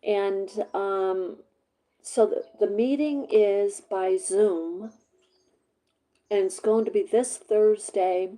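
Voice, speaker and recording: Unhurried, halting woman host, slightly hoarse, a soft and warm tone, talking casually to her camera. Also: medium pitch, rough recording. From Vermont. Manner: rambling, halting, many fillers. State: voice going hoarse, sucking a cough drop. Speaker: vlogger.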